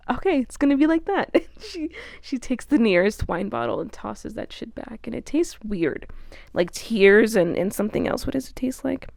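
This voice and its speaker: A woman's voice: mid-range voice, vocal fry, a little mellow, dry recording, studio quality. A young woman giving a casual, chatty book recap, swearing and laughing often. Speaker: book reviewer.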